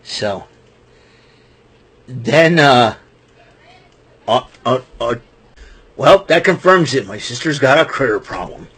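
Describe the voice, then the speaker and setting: A man giving a rambling, casual wrestling recap, chuckling often and filling pauses with ums and restarts. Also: mid-range voice, animated, a bit bright, husky.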